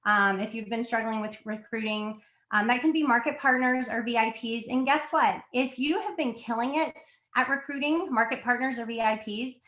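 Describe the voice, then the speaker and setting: A chatty woman in her thirties gives a candid pep talk to her team over a video call, her voice set a little high. She is sick and slightly out of breath, laughs often, and fills pauses with ums, in an echoey room. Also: sharp tone. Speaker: team leader on a sales call. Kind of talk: casual motivational talk.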